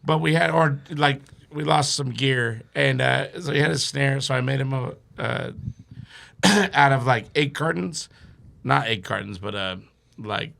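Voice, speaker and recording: A man guesting on a comedy podcast, telling a story in a profane, animated way and laughing between his sentences. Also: mid-range voice, measured pace, vocal fry. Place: podcast studio.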